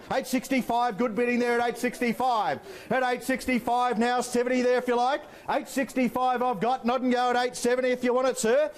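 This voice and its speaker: An Australian man working as an auctioneer, calling bids in a rapid rhythmic patter with playful banter to the bidders. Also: very high-pitched. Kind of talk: live property auction calling.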